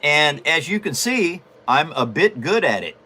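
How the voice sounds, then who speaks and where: A man's voice: a little high, big pitch swings, unhurried, sharp tone, breathy edge. A man hosting a live stream, chatting casually while he works on a paper model and answers viewers. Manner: chatty, explains while building, self-amused. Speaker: host and paper model builder.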